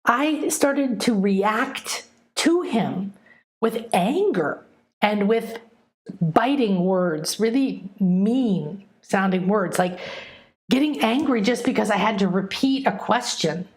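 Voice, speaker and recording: A woman's voice: medium pitch, expressive, slow pace, darkish tone. A middle-aged woman, a spiritual teacher, giving an earnest, emotive teaching monologue that mixes lessons with personal stories. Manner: earnest, emotive, checks in with listeners.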